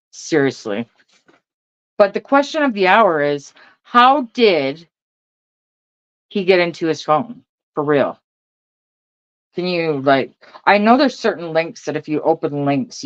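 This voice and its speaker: A woman's voice: low-pitched, no echo, muffled recording. A middle-aged woman, ranting casually and profanely to her viewers, laughing often between lines. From Canada. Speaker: vlogger.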